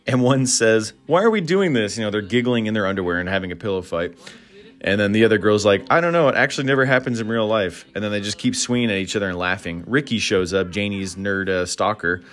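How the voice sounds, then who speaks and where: A man hosting a casual solo podcast, rambling through film recaps with frequent fillers and chuckles. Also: low-pitched. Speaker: podcast host reviewing films.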